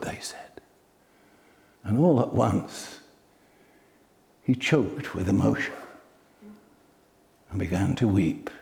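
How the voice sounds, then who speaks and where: A male preacher delivering a sermon at an unhurried pace. His voice has a gravelly edge, and he swells to loud, emphatic peaks before dropping back down. His pitch sits in a middle range for a man. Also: sing-song.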